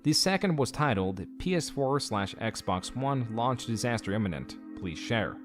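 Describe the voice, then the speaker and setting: A man reading scripted documentary narration in a measured, critical, even delivery. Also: medium pitch. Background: faint background music.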